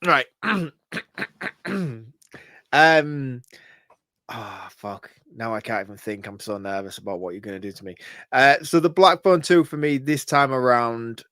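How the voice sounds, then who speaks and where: A man's voice: medium pitch, unhurried, long pauses, a bit bright, dry recording. A man co-hosting a podcast, flustered and reluctant, laughing nervously through casual banter. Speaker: podcast co-host.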